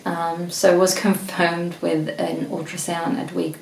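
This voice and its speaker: A woman's voice: on the low side, level tone, measured pace, creaky, a little mellow, distant mic, a little hiss or hum. A young woman from Sweden with a Swedish accent, talking in a casual vlog, a little out of breath, rambling with many restarts and fillers. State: slightly out of breath. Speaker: vlogger. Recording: echoey room, mic set back.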